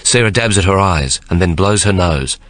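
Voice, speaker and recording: A man reading a novel aloud as an audiobook narrator, measured and expressive. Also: low-pitched, no room sound. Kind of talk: scripted narration.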